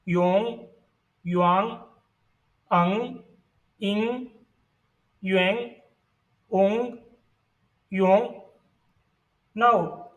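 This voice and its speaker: A man teaching a pronunciation lesson, reading the sounds out one by one in a deliberate way. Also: high-pitched, distant mic, rough recording. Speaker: language teacher. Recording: voice set back from the mic.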